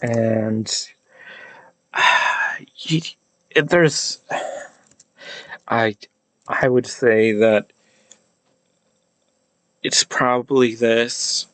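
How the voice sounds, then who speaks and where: A man's voice: medium pitch, drawn-out words, pauses often, fairly bright tone, no room sound. An American man practicing old pronunciations aloud, repeating each sound many times with a hesitant, restarting manner. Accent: American English. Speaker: language hobbyist teaching pronunciation. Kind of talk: casual pronunciation practice video.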